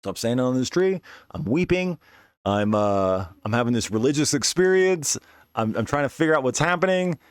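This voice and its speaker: This is a young man's casual storytelling monologue on his podcast, a wild personal account told in a rambling, profane way with many restarts. His smooth, mid-range voice has lively intonation at a moderate pace, recorded dry at studio quality.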